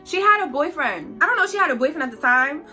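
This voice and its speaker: A young woman telling a story on her vlog in a chatty, animated, slangy way. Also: high voice, fast, soft background music.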